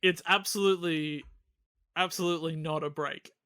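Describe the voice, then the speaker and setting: A man's voice: on the high side, steady tone, moderate pace, bright, forceful tone, smooth. A man co-hosting a casual film-review podcast, playful and acting out lines in mock voices. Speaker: podcast co-host.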